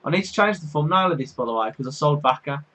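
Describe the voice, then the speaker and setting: A young man with a Birmingham accent talks through a football video game in a loose, chatty way. His voice is bright and forceful and sits a little high, and he breaks into loud shouts and laughter when a goal goes in. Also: fast. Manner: excitable, shouts and laughs at goals. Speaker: gaming YouTuber. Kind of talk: casual game commentary.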